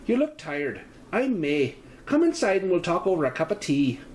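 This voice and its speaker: A man's voice: sits high, sing-song, moderate pace, roomy sound, a little hiss or hum, pitched above the performer's own voice. A man voicing a chatty, homely middle-aged village landlady with a put-on Irish-Scottish lilt. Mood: welcoming.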